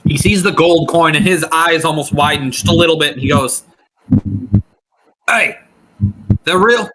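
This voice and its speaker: A man narrating as game master of a tabletop game, describing scenes in an unhurried way. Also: on the high side, steady tone, noisy background.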